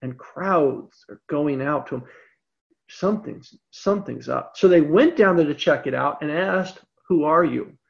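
A Bible teacher giving a scripture lecture in an emphatic way, slowing down to stress key points. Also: mid-range voice, gravelly. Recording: dull lo-fi recording.

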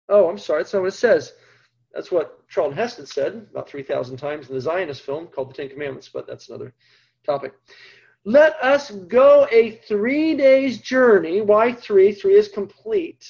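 A man teaching a lecture on scripture, reading verses aloud with stress on key words and swinging between loud and hushed delivery. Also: sits high, slightly rough. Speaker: Bible teacher. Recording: dull lo-fi recording.

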